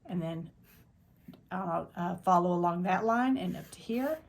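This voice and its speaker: A woman's voice: lowish voice, animated, a little slow. A woman teaching a quilting tutorial, talking step by step through what she is doing in a plain, practical way, thinking aloud as she goes. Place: quilting workspace at a longarm machine.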